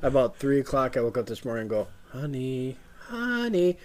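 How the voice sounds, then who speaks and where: Male co-host, mid-pitched, casual storyteller who swears and laughs a lot. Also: steady tone, rapid-fire. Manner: storytelling, profane, laughs often. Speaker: podcast co-host. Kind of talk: casual chat.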